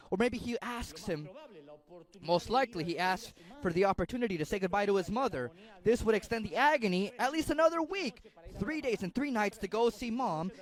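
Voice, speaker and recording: A man preaching with theatrical, emotional storytelling. His voice sits high and swings widely as he builds each scene. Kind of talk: dramatic sermon storytelling.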